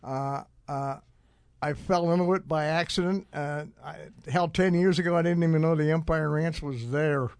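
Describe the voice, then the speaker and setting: Radio host, male, slightly high voice, dry studio sound, talks in loose rambling asides. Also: steady tone, moderate pace, no room sound. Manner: rambling, frequent uh fillers and restarts. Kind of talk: casual radio talk.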